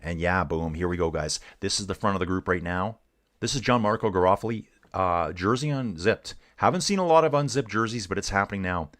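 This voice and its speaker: A man's voice: deep voice, a little fast, fairly bright tone. A middle-aged man from Canada giving casual live race commentary while chatting with viewers, calling them dude and guys. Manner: laid-back, calls viewers dude and guys. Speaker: streamer and cycling commentator.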